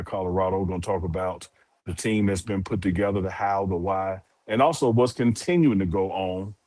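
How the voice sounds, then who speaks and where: Deep, mellow-voiced male sports host. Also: dry recording. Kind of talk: casual sports talk show.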